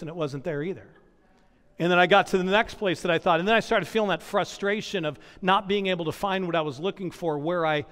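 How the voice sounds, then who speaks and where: High-voiced pastor preaching in a reverberant hall. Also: male voice, a bit bright. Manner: preaching with repetition and storytelling. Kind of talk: sermon.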